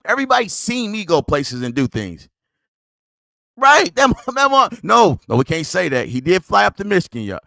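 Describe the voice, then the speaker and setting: High, lively, mocking podcast host man. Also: normal speed, vocal fry, no echo. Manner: mocking, scolding, laughs at the other man. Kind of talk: heated commentary on a played clip.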